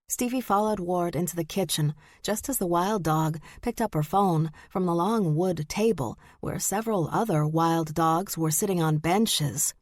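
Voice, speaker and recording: A woman narrating an audiobook in a measured, deliberate way. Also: lowish voice, no echo, studio quality. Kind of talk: scripted narration.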